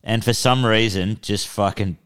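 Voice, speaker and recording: Aussie man, podcast co-host, casual chat, laid-back, quick to laugh, smooth clear voice. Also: lowish voice, fairly even intonation, a bit bright.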